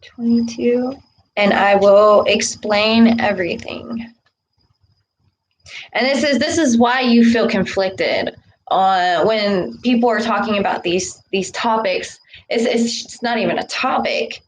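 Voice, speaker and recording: A woman giving a casual spiritual talk to camera, preaching with a steady stream of "okay" and "all right". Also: a little high, slow pace, slight background noise, low-quality recording. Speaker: spiritual vlogger.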